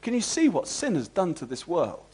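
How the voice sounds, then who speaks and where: A man preaching an expository sermon, animated and asking the congregation rhetorical questions. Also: sits high, normal speed, husky.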